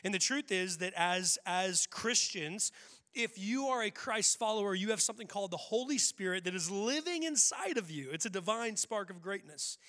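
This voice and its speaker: A man's voice: high voice, expressive, moderate pace, sharp tone. A man preaching a casual, humorous sermon as pastor, talking conversationally with frequent restarts. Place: church sanctuary. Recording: long hall reverb.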